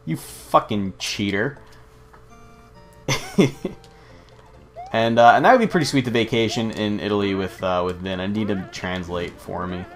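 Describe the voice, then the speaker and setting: A man's voice: fairly low pitch, normal speed, soft background music. An American man giving rambling gameplay commentary, swearing often and drifting between stories and the game. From United States. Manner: rambling, profane, easily sidetracked. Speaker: let's play host.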